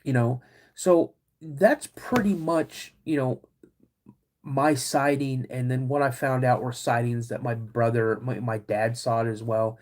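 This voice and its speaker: A middle-aged man hosting a podcast, telling a personal story in an animated way, acting out quoted voices and calling his listeners "guys". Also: mid-range voice, a little slow. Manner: acts out quoted voices of his dad and himself. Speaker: podcast host.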